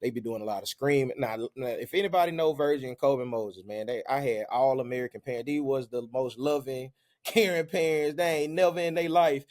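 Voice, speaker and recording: A man, co-hosting a podcast and telling a story in casual, animated, slang-filled chat. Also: mid-range voice, fairly quick.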